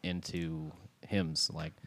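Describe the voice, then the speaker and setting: A man co-hosting a podcast, trading crude banter in a drawling deadpan way. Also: a bass voice, slow, vocal fry, no room sound. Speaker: podcast co-host.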